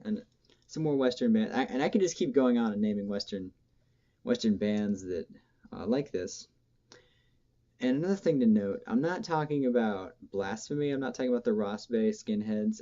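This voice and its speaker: A man's voice: fairly low pitch, mellow, highs cut off. A man giving a casual, rambling monologue as a music commentator, hesitant and full of ums, often correcting himself mid-sentence.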